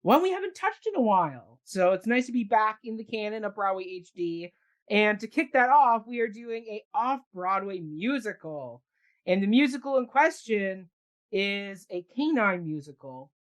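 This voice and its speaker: A woman hosting a casual arts talk show, introducing guests with enthusiasm. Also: mid-range voice. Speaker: host. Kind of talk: casual chat.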